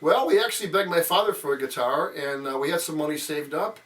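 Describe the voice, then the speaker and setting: A man's voice: on the high side, quick pace, fairly bright tone. A man in his sixties telling childhood stories in a casual interview, rambling with lots of fillers. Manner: rambling, many fillers, acts out quotes. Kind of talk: casual storytelling. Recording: voice a bit far from mic.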